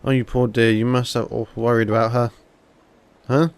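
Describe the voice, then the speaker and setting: A man's voice: medium pitch, little pitch movement, normal speed, slight background noise, lightly acted. A man doing a gossipy old neighbor woman. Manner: gossiping, fussing. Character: gossipy older female neighbor.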